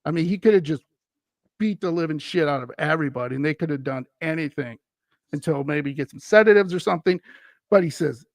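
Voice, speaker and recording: A man's voice: on the high side, brisk, no room sound. A man from Wisconsin, a podcast guest, telling a story in a casual chat and acting out the voices of the people he quotes. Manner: animated, acts out quoted voices while retelling a story.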